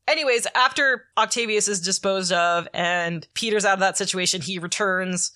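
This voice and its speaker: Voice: mid-range voice, moderate pace, hardly any pauses, bright, forceful tone, no room sound, clean studio sound. A podcast co-host casually recapping a comic story, rambling with lots of filler words and the odd swear.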